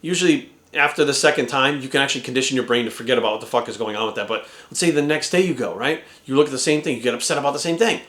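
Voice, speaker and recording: A man's voice: medium pitch, very fast, few pauses, fairly bright tone. A man in his forties, a fitness coach, giving blunt, profane motivational advice and often asking "right?". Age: 40s. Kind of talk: casual motivational talk to camera. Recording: echoey room.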